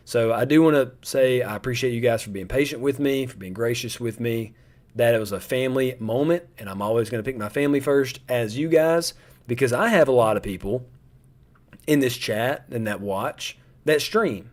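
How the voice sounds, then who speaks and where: A man's voice: mid-range voice, normal speed. Stream host: young man, mid-range voice, loose and rambling, talks right to chat. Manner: chatty, rambling, talks straight to viewers. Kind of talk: casual chat to a live audience.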